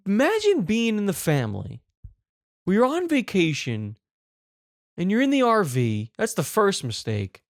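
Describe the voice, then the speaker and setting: Incredulous ranting man, animated pitch. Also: unhurried, no echo, clean studio sound. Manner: incredulous, swearing, repeats questions for effect. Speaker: comedy show host. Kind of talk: comedic rant reacting to clips.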